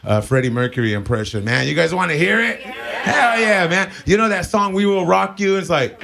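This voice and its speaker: A man's voice: sits high, animated, fairly quick, vocal fry, background noise. A man in his forties doing a live stand-up set. He rambles crudely, stammers through restarts and laughs at his own jokes. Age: 40s. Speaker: stand-up comedian. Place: live comedy venue with audience. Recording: live crowd laughter behind.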